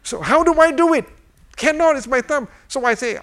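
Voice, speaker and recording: Animated high-voiced older male preacher. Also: moderate pace, slight background noise. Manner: animated, repetitive rhetorical questions, chuckles often. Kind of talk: informal sermon with a fidget toy demonstration.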